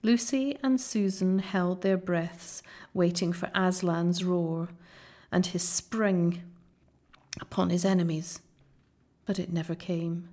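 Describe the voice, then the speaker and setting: A woman reading a children's novel aloud in a measured, dramatic storytelling manner. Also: lowish voice, level tone, mellow. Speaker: audiobook narrator.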